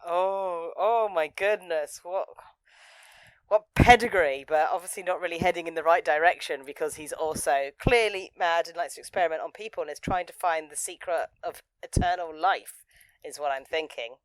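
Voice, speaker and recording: A woman's voice: on the low side, moderate pace, no echo, low-quality recording. A woman co-hosting a casual review podcast, gushing enthusiastically and playfully acting out scenes. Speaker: podcast co-host.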